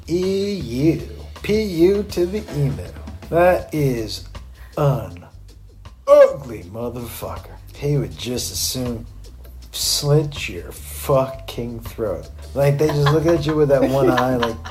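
A man's voice: mid-range voice, lively intonation, slow, mellow, soft background music. Stoned man rambling, swearing. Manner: profane, rambling, tangents. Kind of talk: rambling recorded commentary.

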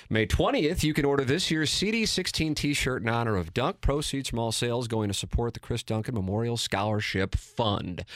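A man's voice: mid-range voice, no echo, studio quality. A man hosting a sports radio show, joking with callers and reading ad spots. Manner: lively and jokey, reading ads briskly. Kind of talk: sports radio talk and live reads.

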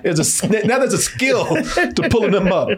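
A man's voice: high voice, big pitch swings, normal speed. A man in casual banter, hosting a live stream, reading the chat aloud and teasing, laughing often. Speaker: stream host.

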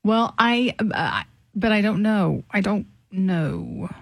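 A woman's voice: mid-range voice, expressive, slow pace, no room sound. A woman who reads the news on the station, co-hosting in casual, agreeable and hesitant banter. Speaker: newscaster and co-host.

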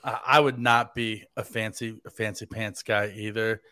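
Bright, rambling, jokey American man. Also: fairly low pitch, level tone, moderate pace, smooth, no echo, studio quality. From United States. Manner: rambling and jokey, heavy use of "like". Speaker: fill-in podcast host. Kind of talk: casual sports podcast chat.

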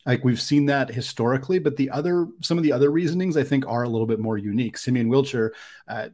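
A man's voice: medium pitch, quick pace, a little mellow. Musing man in casual sports chat. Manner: thoughtful, musing, many fillers. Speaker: podcast co-host.

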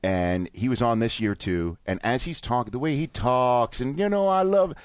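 A man hosting a podcast, telling stories in an animated, self-mocking way. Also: mid-range voice, normal speed, dry recording. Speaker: podcast host. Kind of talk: casual chat, telling anecdotes.

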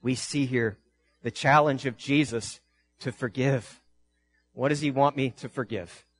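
A pastor preaching a sermon in a church, reading scripture in a deliberate, earnest way and rising with emphasis. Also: male voice, medium pitch, fairly even intonation, faint music behind.

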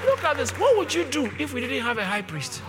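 A male pastor preaching with passion, swinging from low murmurs to shouted refrains and repeating phrases for emphasis. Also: very animated, brisk, long reverb tail, over loud music, over a noisy crowd. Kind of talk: sermon.

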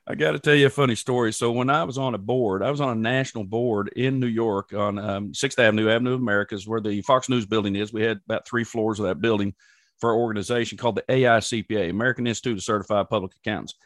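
A man's voice: fairly low pitch, fairly even intonation, fast, dry recording, clean studio sound. A man from Oklahoma with a Southern US accent, hosting a casual interview chat and telling folksy stories with frequent laughs. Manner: folksy storyteller, laughs often. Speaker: podcast host.

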